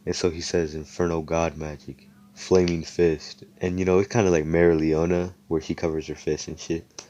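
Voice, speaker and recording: A man's voice: low-pitched, flat delivery, moderate pace, warm tone, dull audio, a little hiss or hum. A young man improvising a fan fiction story, rambling with slang, swearing and lots of fillers.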